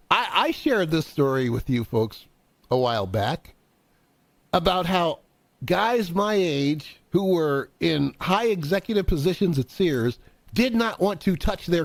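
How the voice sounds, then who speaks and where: A man's voice: high voice, dry recording. A man, a former show host, chatting casually and telling jokes, laughing often and acting out the voices in his stories. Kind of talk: casual comedic chat and storytelling.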